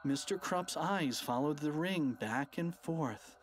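A playful, expressive narrator reading a children's audiobook. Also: medium pitch, takes it slowly, few pauses, slight background noise.

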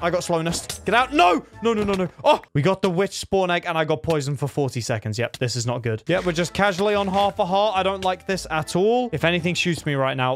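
Young gaming commentator, high-pitched and excitable, chatting to mobs over faint game music. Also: male voice. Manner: excitable, talks to mobs, yelps in panic. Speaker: gaming YouTuber. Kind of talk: Minecraft challenge commentary.

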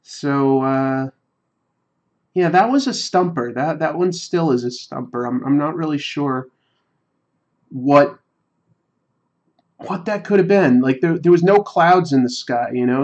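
A man's voice: mid-range voice, a little mellow, lo-fi sound. Rambling man telling a story on a livestream. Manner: rambling, reflective, halting. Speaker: livestream host. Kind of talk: casual storytelling while drawing on a livestream.

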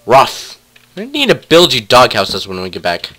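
A man's voice: medium pitch, wildly swooping pitch, normal speed, sharp tone. A young man casually commentating a block-building game, playfully talking to his pet wolves. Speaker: let's play gamer.

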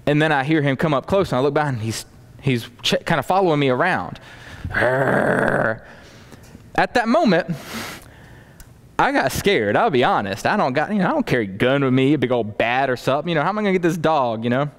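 A man preaching a storytelling sermon to a congregation, animated, acting out scenes and adding folksy asides. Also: a little high, fairly quick. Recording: long hall reverb.

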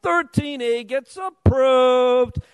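A man making a sarcastic, accusatory public comment. He speaks slowly and deliberately in a very high voice, and long reverb hangs on his words. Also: clear, resonant tone, faint music behind. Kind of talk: public comment at a council meeting. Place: council chamber.

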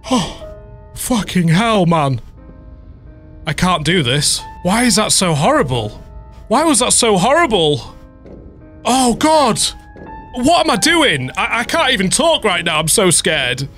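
A man's voice: high-pitched, very animated, unhurried, pauses often, fairly bright tone. A young man playing a horror game on video, panicky, swearing constantly and screaming. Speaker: gaming video host. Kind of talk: horror game let's play commentary. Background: game music.

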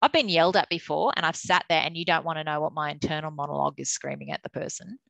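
Candid New woman, low-pitched. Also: fast, gravelly, dry recording, rough recording. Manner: candid, animated storyteller. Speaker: hockey umpires manager. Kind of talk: webinar presentation.

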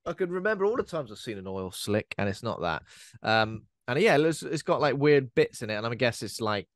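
A man's voice: mid-range voice, big pitch swings, fairly quick, no echo. Brief: male podcast co-host, conversational, filler-heavy plot recaps, dry recording. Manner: chatty, recaps plots with lots of fillers. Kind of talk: casual film discussion.

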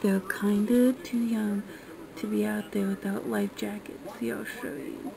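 A woman's voice: medium pitch, flat delivery, measured pace, gravelly, crowd noise, low-quality recording. A woman vlogger delivering a casual, indignant and sarcastic rant to the camera.

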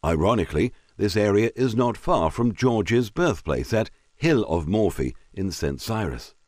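A man narrating a historical story in a measured, expressive storytelling manner. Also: on the low side, no echo, clean studio sound.

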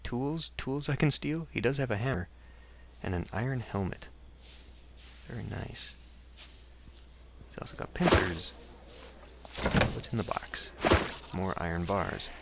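A man's voice: fairly low pitch, unhurried, pauses often, background noise. A man hosting a let's play, giving casual, wry commentary and reading game text aloud.

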